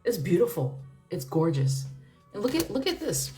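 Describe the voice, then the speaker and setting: A woman's voice: medium pitch, big pitch swings, moderate pace, warm tone, faint music behind. A woman doing a casual tarot reading, musing aloud in a chatty way with frequent fillers and laughs. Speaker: tarot reader.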